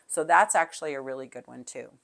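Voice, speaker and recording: A middle-aged woman with a low, deep voice shares classroom management tips as a music teacher. She talks in a chatty, friendly way and breaks into sung rhythms and calls to show how they work. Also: quick pace, vocal fry, a bit bright.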